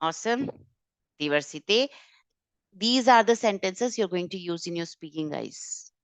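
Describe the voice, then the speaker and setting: A woman teaching French vocabulary in an online exam-prep class, brisk and corrective, often repeating key points. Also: fairly low pitch, expressive, clean tone, no room sound. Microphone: video call.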